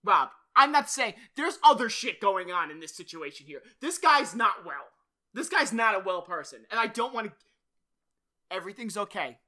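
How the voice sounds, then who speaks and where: A man's voice: sits high, sing-song, normal speed, pushed and bright. A man hosting a podcast in casual chat, rambling, swearing and often laughing. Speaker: podcast host.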